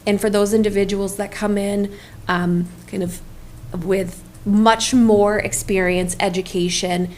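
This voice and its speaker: A woman county staff member explaining policy at a public meeting in a measured, explanatory way. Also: medium pitch, little pitch movement, darkish tone, slight background noise.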